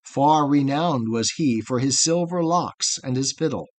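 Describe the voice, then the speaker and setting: A man, a podcast host, reading a long narrative poem aloud in a measured, rhythmic way. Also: mid-range voice. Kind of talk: poetry reading.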